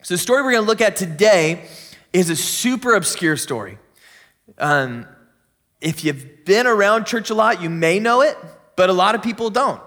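A man in his thirties, a pastor, giving a conversational sermon in church with animated storytelling. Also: moderate pace. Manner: conversational storytelling with animated swings in pitch and volume.

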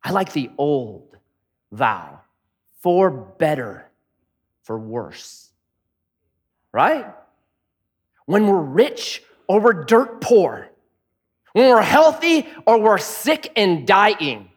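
A middle-aged man preaching a sermon as pastor, animated and joking, mimicking people in a high voice now and then. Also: takes it slowly, slightly rough.

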